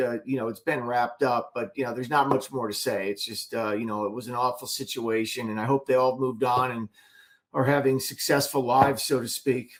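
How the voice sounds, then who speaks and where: A podcast co-host, a man with a mid-pitched voice, talks in casual conversation. His speech is hesitant and full of fillers.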